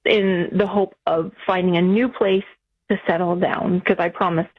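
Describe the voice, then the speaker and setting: A woman's voice: on the low side, steady tone, moderate pace, husky. A woman calling in to a radio advice show, explaining her situation earnestly and at length, with many restarts. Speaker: caller. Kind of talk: phone-in conversation. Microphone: telephone. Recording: tinny phone line.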